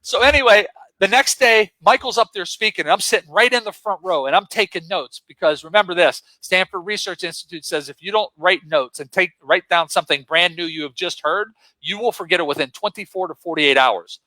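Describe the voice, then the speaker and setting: A man from western Pennsylvania, a guest motivational speaker, telling stories with excitable, punchy emphasis. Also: high-pitched, a little fast, few pauses, no room sound, poor audio. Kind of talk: energetic storytelling.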